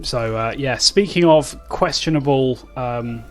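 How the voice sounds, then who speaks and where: British man, game master, halting recap full of ums, medium voice, faint music. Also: mid-range voice. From Britain. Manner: hesitant, full of ums and uhs, wry.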